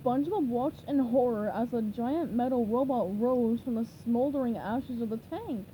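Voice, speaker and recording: A woman reading a children's novelization aloud in slow, measured storytelling. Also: fairly high pitch, warm tone, a little hiss or hum, poor audio. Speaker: reader.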